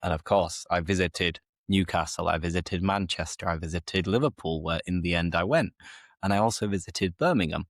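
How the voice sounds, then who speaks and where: A young man hosting a slow, clear conversation for English learners, speaking in a measured, reflective, explanatory way. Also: deep voice, no echo, clean studio sound. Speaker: English teacher, host.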